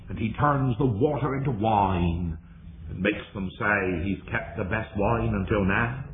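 A man preaching a sermon, swinging between high exclamations and hushed low tones. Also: unhurried. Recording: tinny lo-fi recording in an echoey hall with faint hiss.

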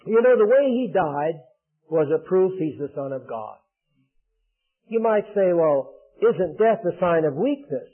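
An older man preaching a sermon in an earnest, emphatic way, building to loud declarations. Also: sits high, sing-song, a little slow. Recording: tinny phone-like band.

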